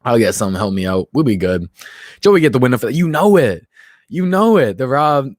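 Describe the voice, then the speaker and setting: Brisk and medium-pitched, with big swings in his intonation, a twentysomething man hosts a laid-back livestream. He's slightly tipsy, bantering freely and reading the chat aloud. There's no room sound, just a clean studio recording.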